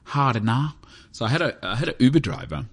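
A man's voice: mid-range voice, big pitch swings, fast, breathy edge. A man hosting his own podcast, talking in a rambling, self-mocking, joking way as he chats on his own. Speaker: podcast host. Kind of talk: casual solo podcast monologue. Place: indoors, heated room.

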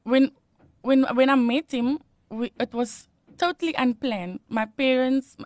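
A woman's voice: high voice, unhurried, a little mellow, dry recording. A woman giving a personal testimony as an interview guest, laughing often and turning emotional.

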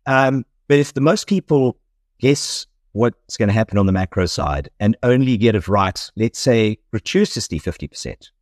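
Middle-aged South African man, South African accent, fund manager guest, low-ish voice, rambling and chuckly. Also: lively intonation, moderate pace, dry recording, studio quality. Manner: rambling, self-correcting, laughs easily. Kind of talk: conversational interview.

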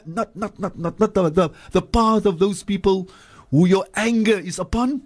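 A man with a South African accent giving religious teaching on radio, reciting verses slowly and then explaining them with emphatic repetition from a studio. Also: high voice, a little mellow. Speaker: Islamic scholar and regular radio guest.

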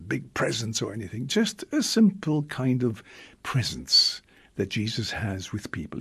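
A man, a priest, giving a reflective homily with long pauses and drawn-out emphasis. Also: mid-range voice, gravelly, husky.

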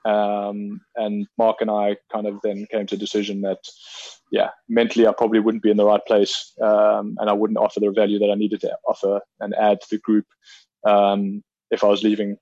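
Low flat-voiced man, measured and reflective. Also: no room sound, lo-fi sound. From South Africa. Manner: measured, reflective, many ums and restarts. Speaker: field hockey player, interview guest. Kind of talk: casual interview conversation.

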